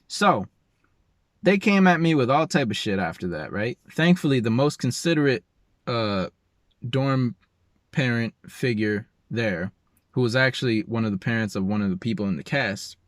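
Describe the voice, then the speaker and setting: A young man tells a personal story casually, emotional and animated, using slangy, informal speech. His pitch is medium, and the clean studio recording has no echo.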